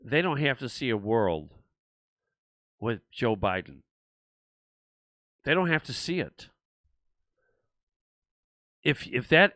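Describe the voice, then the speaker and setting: A man's voice: mid-range voice, a bit bright, dry recording. An older man hosting his own show, rambling and frustrated, with many restarts and repeated words. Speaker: show host. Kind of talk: political talk show monologue.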